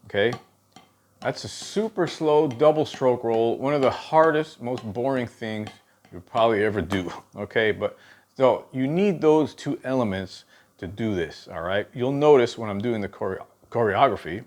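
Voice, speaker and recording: A middle-aged man teaching drum technique in a relaxed, conversational way, often checking in with a quick "okay?" while counting out patterns. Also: mid-range voice, a little hiss or hum. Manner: casual, checks in with frequent "okay?" asides. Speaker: drum instructor. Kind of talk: spoken drum lesson with demonstrations.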